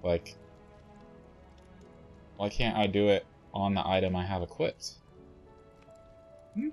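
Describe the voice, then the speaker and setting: A man's voice: low voice, expressive, takes it slowly, soft background music. A man streaming a game, thinking aloud in a mumbling, swearing way. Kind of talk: casual gameplay commentary.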